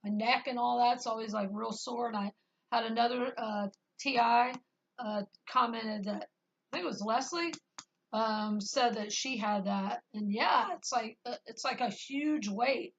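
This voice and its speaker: A woman's voice: a little high, unhurried, lo-fi sound, slight background noise. A woman talking to her camera and sharing her spiritual experiences in an earnest, rambling way, with many fillers. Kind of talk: casual spoken testimony.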